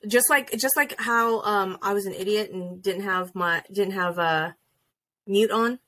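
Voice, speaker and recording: A young woman co-hosting a podcast in casual chat, animated and joking, swearing freely, on a video call. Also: medium pitch, measured pace. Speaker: podcast co-host.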